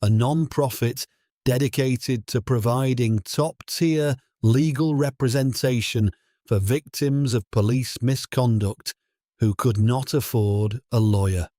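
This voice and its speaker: Slow, solemn male storyteller. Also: medium pitch, dry recording, studio quality. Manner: steady, solemn. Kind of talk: scripted story narration.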